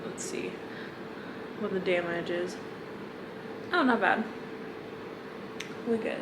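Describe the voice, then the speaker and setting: Gushing young woman book vlogger. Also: medium pitch. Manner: gushing, emotional, quick to laugh. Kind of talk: casual reading vlog chat. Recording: echoey room with background noise.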